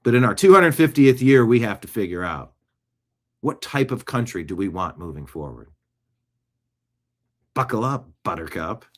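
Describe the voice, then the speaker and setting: A man's voice: on the low side, big pitch swings, normal speed, pauses often. A man hosting a political commentary show in a sarcastic, rambling, jokey monologue. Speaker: show host.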